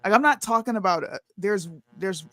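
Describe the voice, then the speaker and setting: A podcast co-host with a mid-pitched voice, talking bluntly and frankly in casual conversation. The mic sound is close and dry. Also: expressive, brisk, fairly bright tone, dry recording. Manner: blunt, frank, says "bro". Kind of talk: casual chat.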